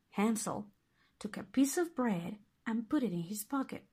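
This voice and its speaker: A woman reading a fairy tale aloud as narrator, expressive and deliberate. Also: medium pitch, husky. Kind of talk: storybook reading.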